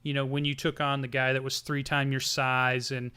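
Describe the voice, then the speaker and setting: Bright-voiced man narrating a tabletop game. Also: mid-range voice, normal speed, clear, resonant tone. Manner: rambling, animated, many restarts. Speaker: game master.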